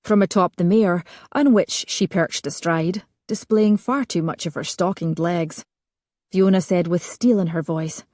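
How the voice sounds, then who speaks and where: Low-voiced woman narrating an audiobook. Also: unhurried, darkish tone, no echo, clean studio sound.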